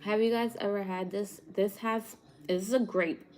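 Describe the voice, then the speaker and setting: A young woman with a New York accent and a medium-pitched, steady, darkish voice chats casually with live viewers as a cooking vlogger. She laughs often and draws her words out slowly.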